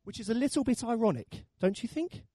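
A man's voice: very high voice, lively intonation, brisk, mellow, no room sound, clean studio sound. A man preaching a sermon, telling the story with animation and acting out the voices.

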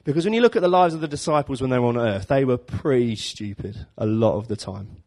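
A man delivers a relaxed, conversational sermon. He tells the story with jokes and slips into little acted-out voices for the characters, keeping it light and chatty. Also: mid-range voice, quick pace. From London. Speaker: preacher. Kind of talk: informal sermon.

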